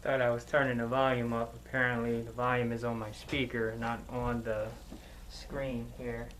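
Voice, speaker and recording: A man's voice: medium pitch, little pitch movement, moderate pace, fairly bright tone, a little hiss or hum, rough recording. A man practicing as a language learner, thinking aloud in a hesitant, searching way with many filler sounds.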